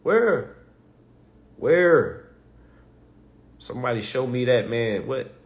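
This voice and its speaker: A man's voice: medium pitch, lively intonation, slow. A man teaching an online class in a casual, streetwise way, firing off profane rhetorical questions and laughing between points.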